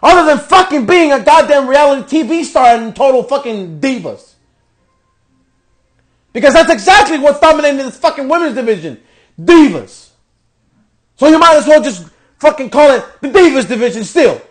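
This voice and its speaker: A man's voice: very high-pitched, lively intonation, normal speed, pauses often. A man hosting a podcast, delivering a profane, exasperated rant reviewing a wrestling show. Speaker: podcast host.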